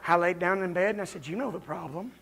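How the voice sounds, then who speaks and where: A man preaching a folksy, confrontational revival sermon as a visiting preacher in a church, building up to shouting. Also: sits high, fast, gravelly. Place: church during a revival service.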